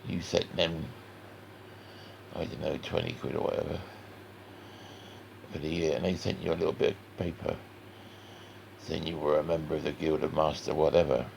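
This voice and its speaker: A man with a West Country accent talks through a drawing lesson in a deep, heavily gravelly voice. He rambles in a folksy way and speaks straight to the viewer. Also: level tone, moderate pace, long pauses, darkish tone, slight background noise. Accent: West Country English. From West Country of England. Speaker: cartoon artist. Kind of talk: chatty drawing tutorial.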